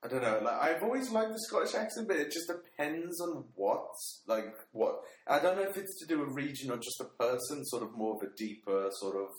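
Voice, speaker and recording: A man's voice: medium pitch, big pitch swings, fairly quick, hardly any pauses. A man hosting a podcast, joking and teasing his friends in casual chat. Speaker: podcast host. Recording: echoey room, faint noise.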